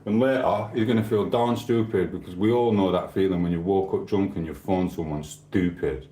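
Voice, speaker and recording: Man, deep voice, mellow tone, rambling casual chat, echoey room. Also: fairly even intonation, normal speed. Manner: rambling, swearing, chatty asides to viewers. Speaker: livestream host.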